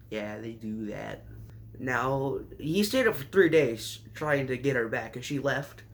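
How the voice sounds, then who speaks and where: A man recapping an anime season in a sarcastic, rambling way, with sudden jumps in pitch. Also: lively intonation, a little slow. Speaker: anime reviewer.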